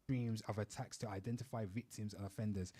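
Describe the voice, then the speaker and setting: A man's voice: lowish voice, steady tone, fairly quick, warm tone. A man making casual, conversational comments on a news story. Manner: offhand, conversational remarks.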